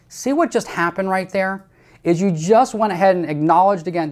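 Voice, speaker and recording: A man's voice: high-pitched, normal speed. Emphatic male sales coach giving instructions. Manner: emphatic, repetitive, direct instructions to the listener. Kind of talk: sales training talk to camera.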